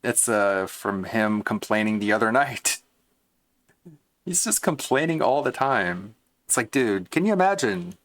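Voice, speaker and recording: A man's voice: fairly low pitch, very animated, measured pace, a bit bright. A man streaming and reacting to clips in casual commentary, mocking and swearing as he rants. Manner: mocking, profane ranting.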